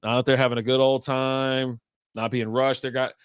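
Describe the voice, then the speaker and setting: A man's voice: medium pitch, little pitch movement, moderate pace, clear, resonant tone, no echo, studio quality. A man co-hosting a casual podcast, telling loose stories full of swearing and acting out other people's lines. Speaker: podcast co-host. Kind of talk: casual chat.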